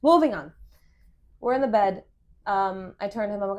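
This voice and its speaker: A young woman hosting a podcast, telling a dating story in casual chat, animated and swearing, full of fillers. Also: mid-range voice, moderate pace, lo-fi sound. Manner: animated, swearing, many fillers, acts out quoted lines. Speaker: podcast host.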